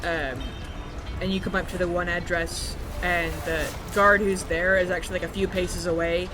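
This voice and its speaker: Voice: mid-range voice, steady tone, normal speed, over music. Loose, rambling tabletop game master. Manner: loose, filler-heavy narration.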